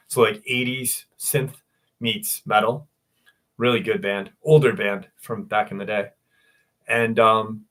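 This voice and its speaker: A man hosting a livestream in loose, casual chat, greeting viewers by name and swearing freely as he gets excited. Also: mid-range voice. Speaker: livestream host.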